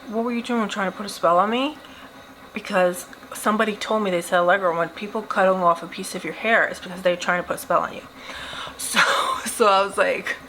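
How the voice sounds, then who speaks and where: Giggly chatty woman, bright voice. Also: medium pitch, a little hiss or hum, low-quality recording. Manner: chatty, giggly, animated retelling. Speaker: beauty vlogger. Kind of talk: casual storytime while doing makeup.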